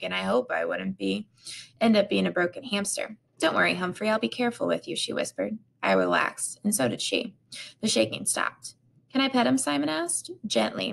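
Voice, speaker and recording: A woman's voice: mid-range voice, gravelly. A woman reading a children's chapter book aloud, stumbling and restarting now and then. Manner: unpolished reading with restarts and repeated words.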